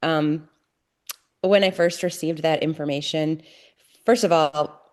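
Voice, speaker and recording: A middle-aged woman, a podcast guest, telling her family story candidly in an earnest, halting way with many restarts. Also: low voice, steady tone.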